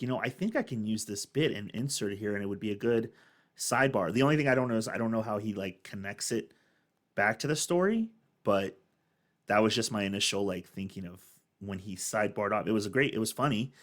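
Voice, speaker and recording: Low-voiced man musing aloud. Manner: thoughtful, rambling, many restarts. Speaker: reaction video host. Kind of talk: casual commentary.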